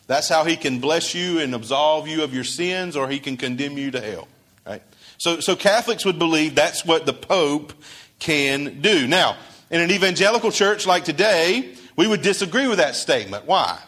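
Conversational preaching man, higher voice. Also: lively intonation, moderate pace, a bit bright. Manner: conversational preaching with rhetorical questions to the congregation. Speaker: pastor. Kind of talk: sermon.

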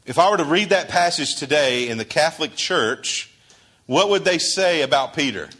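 A man's voice: a little high, expressive, normal speed, a bit bright. A male pastor preaching a sermon in a conversational way, asking his congregation questions and acting out quoted dialogue.

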